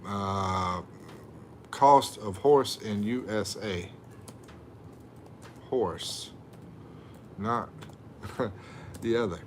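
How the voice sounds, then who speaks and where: A man's voice: lowish voice, very slow, pauses often, a little hiss or hum. A middle-aged man, chatting casually on a livestream and reading viewer comments aloud with jokes. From USA. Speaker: livestream host.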